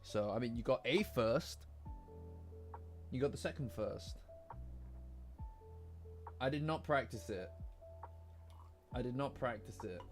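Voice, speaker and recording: A man's voice: mid-range voice, animated, slow pace, pauses often. A man with a lingering cough, chatting casually and rambling with his live-stream audience, swearing now and then. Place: cold room at home. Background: faint lo-fi music.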